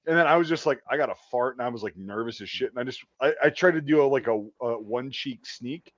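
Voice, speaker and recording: A man's voice: medium pitch, fast talker, highs cut off. A man in his thirties hosting a crude casual talk show, telling profane stories and laughing often. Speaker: podcast host.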